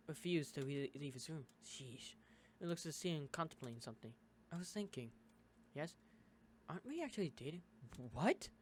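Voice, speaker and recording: A gaming YouTuber from the United States reading a visual novel aloud, switching character voices and breaking in with quick asides. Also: mid-range voice, fairly bright tone, slight background noise.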